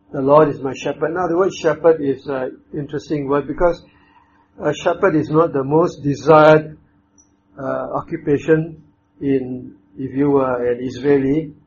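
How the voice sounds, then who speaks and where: A man preaching a sermon, speaking in a measured, emphatic way with pauses and fillers. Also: a little high, darkish tone, slight background noise. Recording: dull lo-fi with faint ambience.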